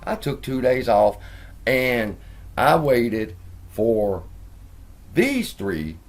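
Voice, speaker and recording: A man's voice: medium pitch, sing-song, drawn-out words, a little hiss or hum. A man hosting a finance video, telling stories animatedly, acting out the quotes and swearing. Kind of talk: casual commentary.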